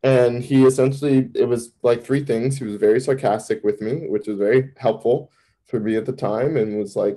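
Guy campus minister sharing his testimony, dark relaxed tone, pitch jumps way up when he acts things out. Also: normal speed, rough recording. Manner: candid, vivid storytelling with sudden pitch jumps. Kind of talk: personal testimony in an interview.

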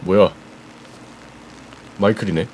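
Male streamer, rapid casual commentary, lowish lively voice. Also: a little hiss or hum. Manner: chatty, talking to viewers. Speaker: game streamer.

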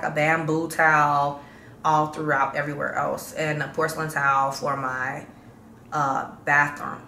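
A Chicago woman with a low, slightly bright voice gives her viewers a slangy, chatty vlog update that gets hyped up. The recording has a roomy echo and a faint hum in the background.

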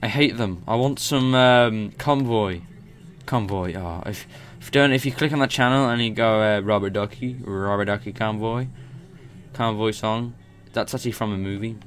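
A man's voice: fairly low pitch, normal speed. Rambling young man narrating his gameplay. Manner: rambling, excitable, swears and laughs. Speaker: gameplay commentator. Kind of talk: casual gameplay commentary.

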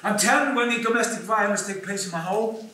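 A high, bright-toned man with an Icelandic accent recounts his own story on stage in an earnest, confessional way. His voice rings through a large echoey theatre and is caught from some distance away, with hall sound all around it. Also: a little fast. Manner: earnest, confessional, breaks into brief laughs. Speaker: community theatre performer.

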